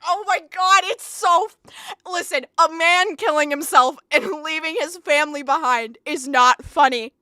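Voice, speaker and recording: High bright excitable woman streamer. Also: moderate pace, no echo. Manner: excitable, profane, rambling with frequent laughter. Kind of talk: live reaction commentary.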